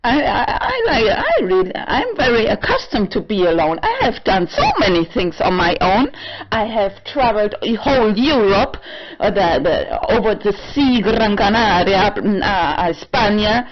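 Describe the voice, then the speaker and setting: Slow, rambling woman with halting speech. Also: sing-song. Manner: halting and digressive, with many fillers and restarts; slips into shrill high sarcastic outbursts. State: tipsy. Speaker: vlogger. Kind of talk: rambling personal monologue. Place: home apartment. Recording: dull lo-fi home recording.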